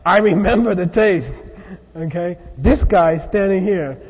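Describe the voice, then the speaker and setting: Animated male lecturer in an echoey hall. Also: high voice, unhurried, husky. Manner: animated, often checks in with 'okay?'. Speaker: teacher. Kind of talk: lively philosophy lecture. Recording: muffled recording in a large echoey hall.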